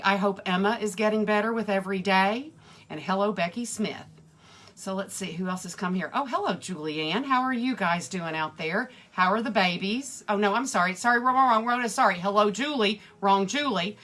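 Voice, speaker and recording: A woman's voice: mid-range voice, a bit bright. A middle-aged woman hosting a live home cooking stream from her kitchen, talking earnestly and chatting with viewers by name. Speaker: cooking show host.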